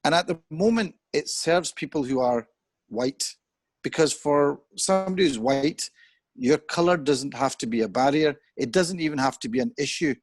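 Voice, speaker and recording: A man's voice: on the high side, moderate pace, no echo. Earnest middle-aged man thinking aloud. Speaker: discussion guest. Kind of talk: conversational discussion. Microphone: video call.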